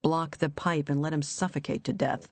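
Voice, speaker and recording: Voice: mid-range voice, steady tone, normal speed, no room sound, lightly acted. A narrator voicing a cold, alien inner voice. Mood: coaxing menace. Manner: cold, coaxing, menacing. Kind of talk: audiobook character reading.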